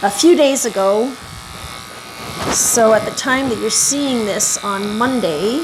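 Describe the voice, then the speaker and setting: A woman's voice: on the high side, takes it slowly, background noise. Chatty woman groomer, clippers buzzing behind. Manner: rambling, self-correcting, soothes the dog in between. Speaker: dog groomer and video host. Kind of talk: casual storytelling while grooming. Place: home grooming room.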